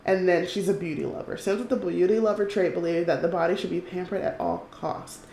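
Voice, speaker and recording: A young woman chatting excitedly and swearing while commenting on a life-sim game. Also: lowish voice, a little fast, gravelly, reverberant, slight background noise. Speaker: let's play host. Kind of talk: casual gameplay commentary.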